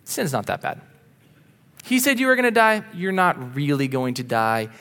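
Sly male tempter done by a preacher, soft and persuasive, slightly raised voice, echo of a big hall. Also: fairly high pitch, very animated, normal speed. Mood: dismissive. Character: sly male devil tempter, coaxing and dismissive.

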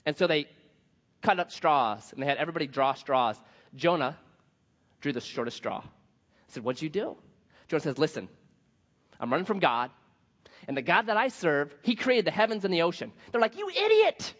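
A man preaching a sermon, telling a story in a lively way and acting out the voices of the people in it. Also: on the high side, moderate pace, pauses often. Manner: animated storytelling, acts out quoted voices. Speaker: pastor. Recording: dull sound with long hall reverb.

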